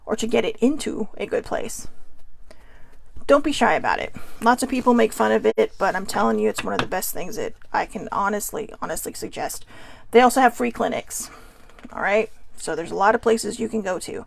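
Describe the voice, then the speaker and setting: A woman's voice: medium pitch, a little fast, vocal fry. A woman hosting a candid, rambling self-help talk, openly self-deprecating. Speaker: host.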